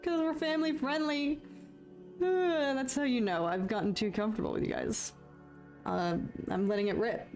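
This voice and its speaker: A woman's voice: fairly high pitch, steady tone, normal speed, a little mellow, soft background music. A woman, chatting casually with her livestream viewers, laughing often and poking fun at herself. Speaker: livestream host.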